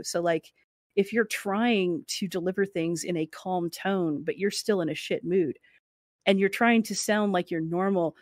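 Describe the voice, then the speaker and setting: A woman chatting on a podcast, lively and casual, with loose swearing and playful mimicry. Her voice sits at an ordinary middle pitch. The sound is dry and close, with no room around it. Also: no echo. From United States. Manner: animated storyteller, mimics voices, swears freely. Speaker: podcast co-host. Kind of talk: casual chat.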